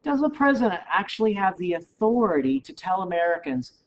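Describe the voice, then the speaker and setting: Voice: medium pitch, very animated, a little fast, hardly any pauses. A history lecturer giving a recorded class lecture in a casual, wry, joking way, in a dull lo-fi recording.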